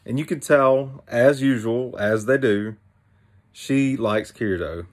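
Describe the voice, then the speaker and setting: A man's voice: medium pitch, takes it slowly. A young man casually recapping an anime episode, rambling with many fillers and restarts.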